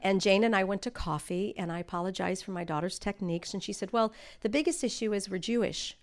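A middle-aged woman speaking at a church delivers a sermon at a quick pace in a medium-pitched voice. She earnestly shares personal stories and builds toward emphatic exhortation.

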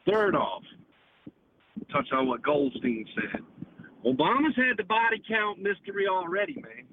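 A man's voice: high voice, big pitch swings, a little slow. A man calling in to a talk show, rambling and profane, ending nearly every phrase with "man". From United States. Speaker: caller. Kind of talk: casual call-in chat. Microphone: phone call. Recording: tinny phone line with noise.

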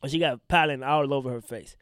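Speaking fairly quickly in a mid-range voice, the young man sounds fairly bright, clear and resonant. He's a stand-up comic hosting his own podcast, delivering a rambling, profane, blunt rant while mildly congested from pollen allergies. There's no room sound in this studio-quality audio.

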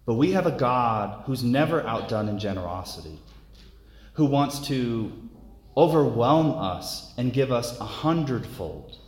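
A man's voice: mid-range voice, animated. Earnest male preacher in a ringing hall. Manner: earnest, unhurried, repeats words as he goes. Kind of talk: sermon. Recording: echoey hall with long reverb.

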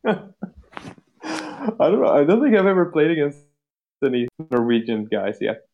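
A man in a casual chat among hobby gamers, speaking with enthusiasm and often laughing. His pitch moves a great deal as he talks. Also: big pitch swings, moderate pace, gravelly, narrow, tinny audio. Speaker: tabletop wargamer.

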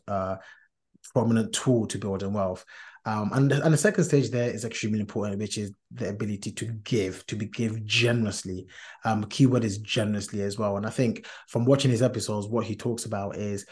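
A man's voice: lowish voice, a little fast, darkish tone. A man hosting a casual podcast chat, earnest and talkative, with many fillers and restarts, laughing easily. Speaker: podcast host.

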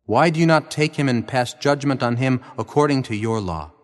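A man's voice: mid-range voice, normal speed, lightly acted. A man voicing Pilate, a Roman governor who asks pressing, challenging questions. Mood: demanding. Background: faint guitar music.

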